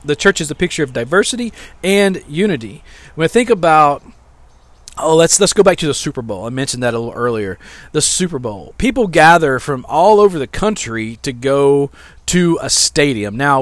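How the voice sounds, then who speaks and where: Brief: middle-aged male pastor, slightly high voice, casual sermon delivery that swells on key points. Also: no room sound. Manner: conversational preaching with fillers and repeated lines.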